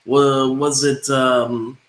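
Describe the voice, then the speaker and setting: A man hosts an interview, talking slowly and circling through fillers and restarts before landing on his questions. His voice echoes in a roomy space. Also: mid-range voice, level tone, fairly bright tone. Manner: rambling, many fillers and restarts. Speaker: podcast host, interviewer. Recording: echoey room.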